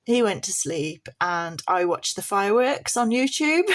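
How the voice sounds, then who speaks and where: A woman's voice: a little high, moderate pace. A woman vlogging casually from her bed at home, rambling and laughing often while she gets over tonsillitis with a sore throat. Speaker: budgeting vlogger. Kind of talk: casual chat to camera.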